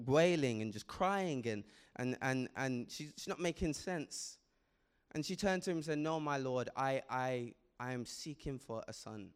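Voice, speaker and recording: Impassioned male preacher, smooth voice. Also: on the high side. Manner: impassioned, builds to loud emphatic peaks; frequent repetitions and restarts. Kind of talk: sermon.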